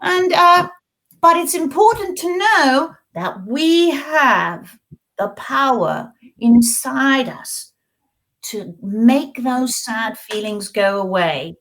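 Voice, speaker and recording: A middle-aged woman hosts a children's storytime, coaxing her young viewers in a sing-song voice. Her pitch sits high and swoops widely. She takes her time with every phrase. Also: expressive, slow, fairly bright tone, poor audio. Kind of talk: children's storytime and craft lesson in character.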